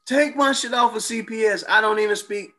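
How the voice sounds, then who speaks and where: A man's voice: high-pitched, a little fast. A man in casual chat, telling stories with slang and lots of cursing. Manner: profane, animated storytelling with slang.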